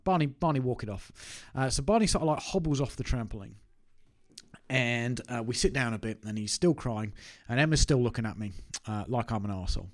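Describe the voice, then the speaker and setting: A man, telling a personal story to camera in a chatty, self-mocking way. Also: mid-range voice. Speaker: business owner vlogger. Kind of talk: casual anecdote to camera.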